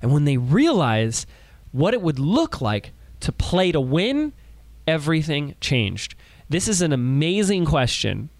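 A man's voice: a little high, sing-song, measured pace, no room sound. A man hosting a podcast in an upbeat, emphatic, friendly way, introducing his guests. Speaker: podcast host.

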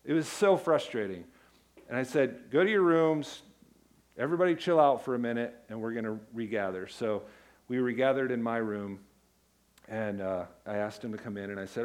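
A man's voice: lowish voice, moderate pace, darkish tone. A middle-aged man, a pastor, preaching a sermon in a conversational, storytelling way that builds to emphatic declarations.

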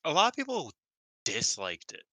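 A man co-hosting a podcast, talking casually and excitedly, often swearing and acting out what others said. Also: on the high side, moderate pace, no echo, poor audio. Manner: excitable, swears, acts out quotes. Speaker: podcast co-host. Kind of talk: casual wrestling review chat.

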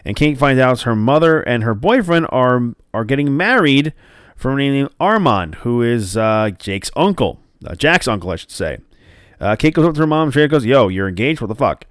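A man's voice: medium pitch, sing-song, moderate pace, smooth, dry recording, studio quality. A man casually recapping a TV episode, rambling with lots of fillers and restarts and swearing now and then. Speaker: show recapper.

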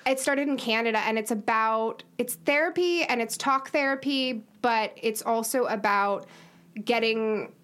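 A woman's voice: fairly high pitch, measured pace, a bit bright, clean tone. A woman chatting casually as a podcast co-host, telling a personal story full of "like" fillers. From Los Angeles area. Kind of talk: casual chat.

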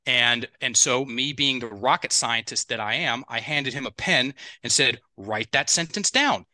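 In this conversational podcast interview, a middle-aged expert spins lively stories, voicing other people's lines and talking directly to listeners. The headset recording is close and dry with no room sound, capturing his very bright, tense, medium-pitched voice.

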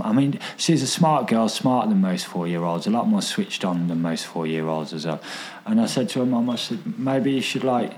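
A man's voice: mid-range voice, a little mellow. A man, telling stories in casual chat, repeating himself and swearing freely. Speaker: podcast guest.

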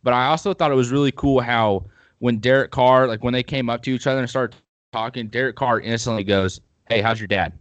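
A man's voice: mid-range voice, steady tone, brisk, no echo, highs cut off. A man hosting a podcast, chatting casually and at length about football with opinionated rambling. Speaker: podcast host.

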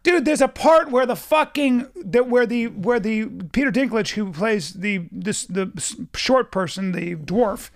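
A man in his forties, chatting casually and telling animated, profane stories, acting out quotes. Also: high voice, measured pace, few pauses. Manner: animated, swears a lot, acts out quotes. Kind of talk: casual chat, storytelling.

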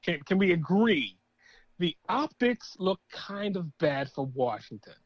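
A man's voice: high-pitched, sing-song, a little slow, dry recording, lo-fi sound. A man co-hosting a podcast, mostly agreeing and adding short points in casual sports chat. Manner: agreeable, chiming in with short replies. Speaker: podcast co-host.

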